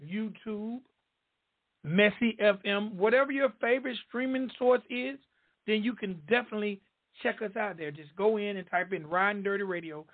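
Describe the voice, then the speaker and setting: High-voiced Southern man hosting, phone-thin. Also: moderate pace, narrow, tinny audio. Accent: Southern US drawl. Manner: emphatic, repetitive promo patter. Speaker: radio show host. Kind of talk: hyped-up podcast interview hosting.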